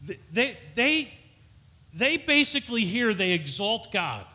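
A man's voice: high-pitched, sing-song, unhurried, bright, forceful tone. A man preaching a sermon in an earnest style, stumbling over and repeating words, his voice rising for emphasis. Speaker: pastor.

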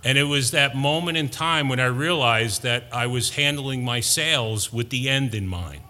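A middle-aged man delivers a sermon in a bright, forceful voice, his words carrying through a long reverb in a large church hall. He speaks slowly and deliberately, rising to emphatic peaks. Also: medium pitch. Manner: slow, deliberate preaching with emphatic builds. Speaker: preacher.

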